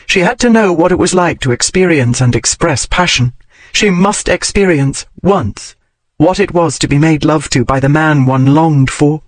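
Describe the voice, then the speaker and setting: Brief: man with a slightly raised pitch, steady scripted narration, dry studio sound. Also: moderate pace, no room sound. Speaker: audiobook narrator.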